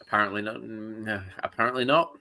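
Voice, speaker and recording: Man, co-host, casual watchalong banter, jokey, bright forceful tone. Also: fairly low pitch, steady tone, brisk. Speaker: podcast co-host. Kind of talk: casual football watchalong chat.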